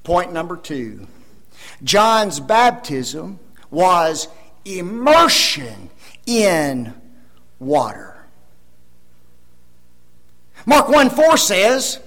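A man preaching a sermon, emphatic, with rhetorical questions, swinging between loud stresses and soft asides. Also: sits high, very animated, slow pace, poor audio.

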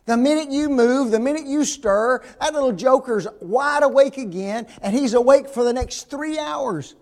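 A man pastor preaching a sermon in church, with emphatic delivery, rhetorical questions and big swings between loud and soft. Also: very high voice, moderate pace.

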